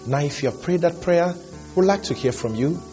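A man's voice: a little high, animated, a little fast, warm tone. A man closing a religious program and leading listeners through a prayer of salvation, speaking earnestly. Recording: guitar music behind.

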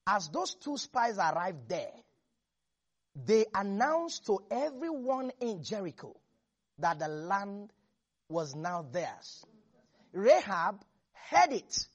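A preacher delivering an animated, humorous sermon to a congregation. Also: medium pitch, slow, pauses often, slightly rough. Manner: animated, jokes and laughs with the congregation.

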